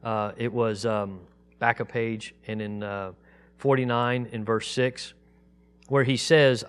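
A man teaching a Bible study, reading scripture aloud slowly and emphatically, then explaining it in a casual, conversational way. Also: medium pitch. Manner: reads scripture aloud in a raised, slow, emphatic voice.

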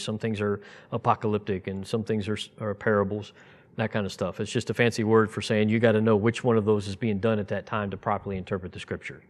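Brief: man, 50s, informal sermon, chatty and digressive, flares into emphatic bursts. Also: lowish voice. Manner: conversational, digressive, rising to emphatic outbursts. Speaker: preacher.

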